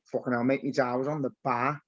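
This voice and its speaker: A man hosting a podcast, telling an anecdote in an animated, sweary way and calling people "lad". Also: medium pitch, quick pace, no echo. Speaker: podcast host. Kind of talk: casual podcast chat. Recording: dull, dry lo-fi podcast audio.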